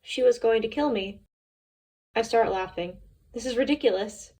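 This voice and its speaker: A woman's voice: on the high side, moderate pace, a little mellow, breathy edge. A woman reading a novel aloud in the first person, with an anxious, introspective telling. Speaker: audiobook narrator.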